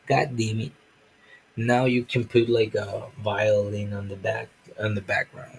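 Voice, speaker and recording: A man's voice: on the low side, flat delivery, a little slow, creaky, a little hiss or hum, poor audio. A man who makes comics, chatting casually on a live stream in a rambling, profane and self-mocking way. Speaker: comic artist.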